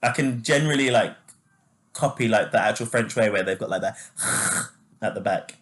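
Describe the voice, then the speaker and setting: A man co-hosting a podcast in casual chat, talking freely with lots of fillers and quick laughs. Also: on the low side. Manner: chatty, laughs easily, many fillers. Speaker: podcast co-host.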